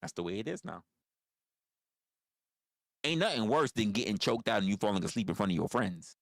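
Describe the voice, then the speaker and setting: A man's voice: lowish voice, animated, a little fast, no echo, clean studio sound. A man, rambling through profane stories on a casual livestream. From New York. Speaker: livestream host.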